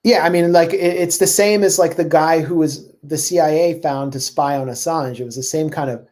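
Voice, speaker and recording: A man's voice: on the high side, steady tone, darkish tone. Sardonic man in casual political talk. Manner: fast, sardonic, fillers like "like" and "I mean". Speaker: journalist guest.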